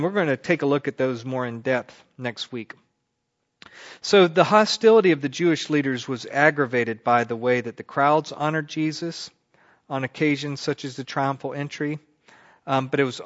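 A man's voice: medium pitch, fairly bright tone. Man teaching Scripture in a dull recording. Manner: conversational, rising emphatic swells on key words. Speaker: pastor teaching a Bible class. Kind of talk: sermon-style Bible teaching.

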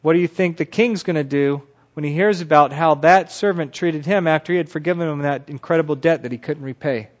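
A man teaches from the Bible as an animated storyteller, tossing out rhetorical questions to his listeners. His voice sits a little high for a man. The recording is dull and lo-fi. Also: a little fast, hardly any pauses.

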